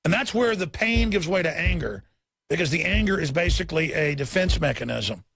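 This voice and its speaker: Man, radio talk show host, fiery rant, shouting then muttering, husky and gravelly, dry studio sound. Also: expressive, fairly quick, no room sound. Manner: ranting, swings from shouted outbursts to low muttering.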